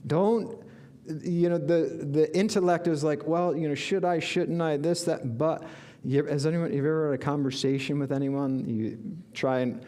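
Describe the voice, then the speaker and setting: A man's voice: fairly high pitch, fairly even intonation, moderate pace, mellow. A man giving an inspirational sermon as a spiritual teacher, earnest and reflective, with bursts of enthusiasm.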